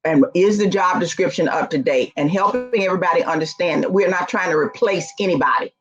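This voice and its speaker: A woman's voice: lowish voice, fairly quick, music in the background. Emphatic woman giving a conference talk. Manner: lively, storytelling, emphatic. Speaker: conference speaker on nonprofit boards. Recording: dull lo-fi recording.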